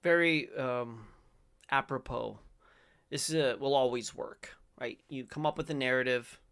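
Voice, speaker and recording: A man's voice: medium pitch, measured pace, a bit bright, clear, resonant tone. A middle-aged man hosting a faith-based commentary show, reading aloud and reacting in a rambling, self-correcting way with sudden emphatic bursts.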